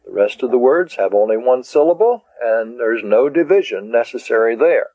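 A man teaching a taped language lesson, speaking deliberately and spelling words out syllable by syllable. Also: mid-range voice, expressive, mellow, no room sound. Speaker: Greek teacher. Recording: dull lo-fi cassette tape.

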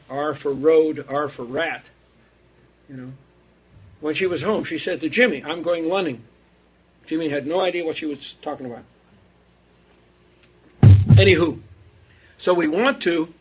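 Husky, rambling older-sounding lecturer man. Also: fairly high pitch, fairly bright tone. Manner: rambling, digressive, chuckles at his own asides. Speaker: theology lecturer. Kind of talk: unscripted classroom lecture.

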